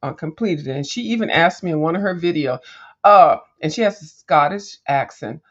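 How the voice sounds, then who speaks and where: A woman's voice: sits low, animated, moderate pace, lo-fi sound. A woman hosting a coloring video, chatting casually and rambling as she flips through pages, with lots of fillers and sassy asides to viewers. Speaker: coloring channel host. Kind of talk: casual chat while flipping through a coloring book.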